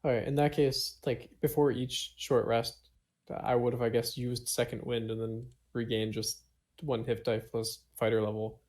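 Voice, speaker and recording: A man's voice: medium pitch, level tone, normal speed, a little mellow. A man playing a tabletop game in casual chat, hesitant and explaining rules with fillers. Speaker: player.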